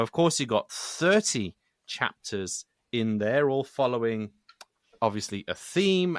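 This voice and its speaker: A man with a low voice, hosting a podcast interview. He thinks aloud, hesitates and often restarts his sentences. The recording is dry and close. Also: no echo. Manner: thoughtful, hesitant, with many restarts. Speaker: podcast host.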